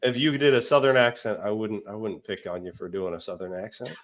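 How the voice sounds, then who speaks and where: A man's voice: fairly low pitch, steady tone, fairly quick, a little hiss or hum. A man from the United States, sarcastic and often laughing in casual podcast banter.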